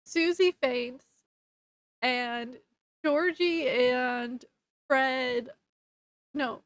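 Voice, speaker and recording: A woman chatting through a book's plot on her review channel, wandering through the story with fillers and quick corrections. Her voice sits high, and she takes her time. The recording is close and dry. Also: steady tone, fairly bright tone, dry recording. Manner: rambling, hesitant, with fillers and self-corrections. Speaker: book reviewer. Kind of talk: casual book review vlog.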